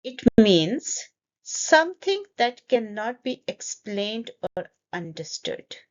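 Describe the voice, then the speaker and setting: A woman leads a pronunciation lesson at an unhurried pace, splitting a word into parts and repeating it so learners can copy her. Her voice sits at an ordinary pitch. The recording sounds a little dull and lo-fi. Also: very animated. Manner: breaks words into syllables and repeats them slowly. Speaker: English pronunciation teacher. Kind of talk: slow, deliberate pronunciation lesson.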